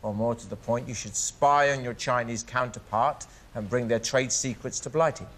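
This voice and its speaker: An actor playing a man who leads a maths team, brisk and joking in a theatrical way. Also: medium pitch, fairly bright tone, a little hiss or hum, lightly acted. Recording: film soundtrack with music under the voice.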